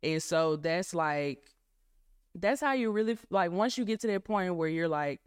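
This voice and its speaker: A young woman, a guest on a faith podcast, speaking reflectively and often pausing to find her words. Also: fairly low pitch, animated, clear, resonant tone, dry recording, studio quality. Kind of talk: casual faith podcast chat.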